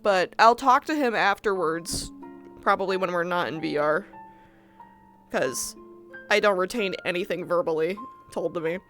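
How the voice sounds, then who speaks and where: A woman's voice: lowish voice, normal speed, pauses often, a bit bright, faint music behind. A woman livestreamer in casual chat with her viewers, swearing freely as she talks straight to chat. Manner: chatty, swears casually, addresses chat directly. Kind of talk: casual chat with viewers after a roleplay session.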